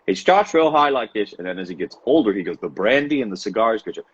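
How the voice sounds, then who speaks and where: A man's voice: on the low side, animated, fast talker, slightly rough, no room sound. A man co-hosting a podcast in casual chat, rambling with restarts and laughing often. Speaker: podcast co-host. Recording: dull lo-fi sound.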